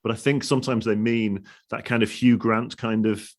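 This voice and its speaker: A man's voice: lowish voice, little pitch movement, normal speed. A man hosting an interview, talking casually with many restarts and laughs. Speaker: podcast host.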